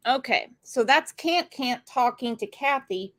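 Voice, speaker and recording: A woman's voice: high voice, expressive, unhurried, fairly bright tone. A woman hosting a true crime commentary, talking casually with sarcastic, mocking asides.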